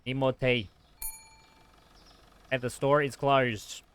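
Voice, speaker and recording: A man's voice: medium pitch, fairly even intonation, slow, a bit bright, smooth. A man streaming a store game, greeting customers in a shopkeeper voice and talking to himself, with frantic bursts when it gets busy. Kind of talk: casual gameplay chat.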